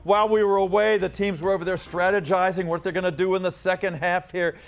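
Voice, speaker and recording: High-voiced upbeat man hosting a quiz. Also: flat delivery, fast, clean tone, faint music behind. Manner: upbeat, coaxing and encouraging students. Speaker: quiz show host. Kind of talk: school quiz show hosting.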